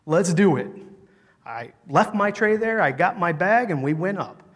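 A man preaching a sermon, telling a story with lively emphasis that swings between loud, emphatic lines and quiet, soft ones. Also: high voice, a little slow. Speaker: pastor. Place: church sanctuary. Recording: long hall reverb.

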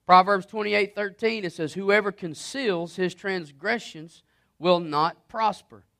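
A man's voice: high voice, unhurried, gravelly. A man preaching a sermon, reading scripture and retelling Bible stories, often repeating words as he builds momentum. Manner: animated, repeats words and restarts, quotes scripture.

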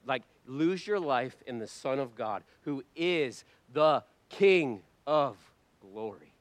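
A man preaching a sermon to his church, impassioned and swinging between hushed lines and loud ones. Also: on the high side, expressive, unhurried, dry recording. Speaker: pastor.

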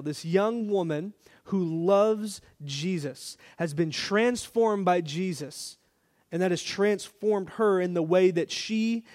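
Man preaching a conversational sermon. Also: a little high. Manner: conversational, warm storytelling with quoted dialogue. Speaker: pastor. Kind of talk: sermon storytelling.

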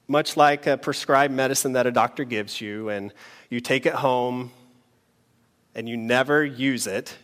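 A man preaching a sermon in an earnest, measured way, pausing between phrases. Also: mid-range voice, fairly bright tone. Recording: long hall reverb.

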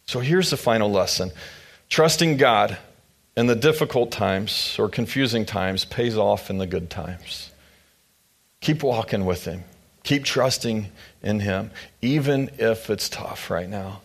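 A man's voice: lowish voice, unhurried, gravelly. Pastor man reading to his congregation. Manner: addresses congregation with asides. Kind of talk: sermon with storybook reading.

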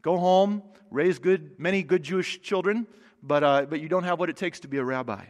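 A preacher voicing a kindly older male rabbi, measured and gently apologetic. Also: a little high, close to an everyday voice. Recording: long hall reverb.

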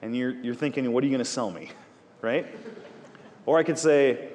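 A man's voice: medium pitch, normal speed, slight background noise. Man teaching scripture in a reverberant hall. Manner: conversational, animated, jokey asides. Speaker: pastor or Bible teacher. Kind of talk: Bible study teaching with prayer.

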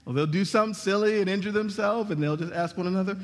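A high-pitched man preaching with emphatic swings, dropping low on key words and rising sharply for emphasis. His voice rings with a long hall reverb. He delivers the sermon as a pastor. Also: quick pace, a little hiss or hum. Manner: emphatic preaching with dramatic drops and rises in pitch.

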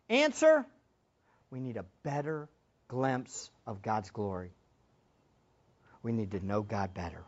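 A woman preacher giving an impassioned sermon, moving between loud exclamations and hushed asides. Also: rumbling low, sing-song, takes it slowly, pauses often. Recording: dull lo-fi sermon recording.

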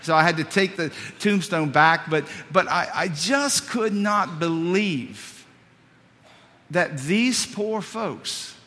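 A male pastor preaching a sermon, telling a story with many repeated words, swinging from loud to hushed. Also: sits high, animated, slow pace. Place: church sanctuary. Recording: long reverb of a church hall.

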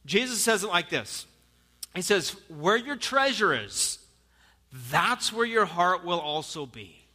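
A man's voice: high-pitched, big pitch swings, slow pace, bright, forceful tone, in a large hall. A male pastor preaching an earnest sermon in a church, telling jokes and stories to the congregation. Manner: storytelling with jokes, earnest and exhorting. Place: church sanctuary.

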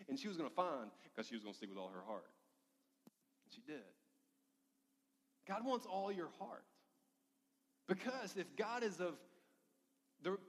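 A male preacher telling a funny personal story in a sermon, with lively humor. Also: high-pitched. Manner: storytelling, animated, self-deprecating humor. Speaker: pastor. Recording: long hall reverb.

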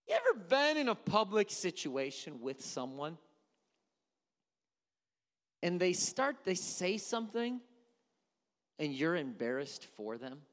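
A man delivers a sermon in a church. His voice sits high and swings widely as he tells the story with animation and throws questions out to the congregation. The sound hangs in a long hall reverb. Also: sing-song, takes it slowly, long pauses, fairly bright tone. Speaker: pastor.

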